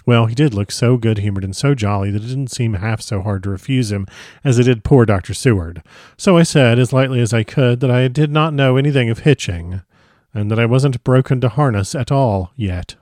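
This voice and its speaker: A man reading a classic novel aloud in a gentle, expressive storytelling manner. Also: medium pitch, brisk, dry recording, studio quality. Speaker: audiobook reader.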